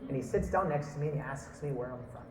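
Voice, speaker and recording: A man telling a story in a talk, lively, acting out what people said. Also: medium pitch, fast, echoey room, distant mic, rough recording. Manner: animated, acts out quotes and laughs. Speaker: speaker.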